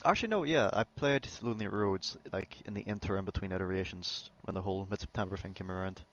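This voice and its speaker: A man with a lowish voice chats as a podcast guest. He banters and swears freely in a loose, casual way. The sound is dull and lo-fi, like voice chat. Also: fast.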